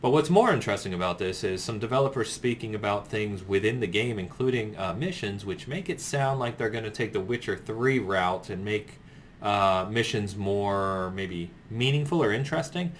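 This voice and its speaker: A man with a fairly low voice talks through the week's gaming news in an easy, conversational way, laughing along with his co-host. A faint hum of noise sits under the recording. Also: normal speed. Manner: relaxed, chatty, laughs often. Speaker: podcast co-host. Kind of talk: casual gaming news chat.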